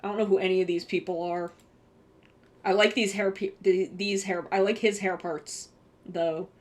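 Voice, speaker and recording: A young adult woman chatting casually on a live stream, excitable and swearing, with bursts of gushing. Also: mid-range voice, moderate pace.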